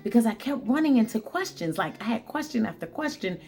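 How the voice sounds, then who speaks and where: A woman's voice: a little high, big pitch swings, fairly quick, gravelly, darkish tone. Chatty woman retelling a temp job story. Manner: chatty, repeats lines for emphasis, talks to "guys" and "y'all". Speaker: vlogger telling a work story. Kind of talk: casual storytelling to camera.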